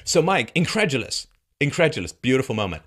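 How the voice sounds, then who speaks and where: A male commentary host giving an emphatic, sarcastic monologue full of rhetorical questions and chuckles, dropping from loud mocking peaks to low, grave tones. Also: very animated, a little fast. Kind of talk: commentary monologue reacting to a news segment.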